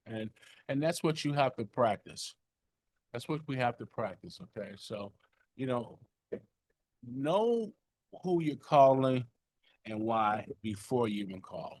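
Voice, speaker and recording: A man's voice: medium pitch, darkish tone, no echo. A man leading a sales training session on a call, coaching in a conversational way with lots of fillers and check-ins.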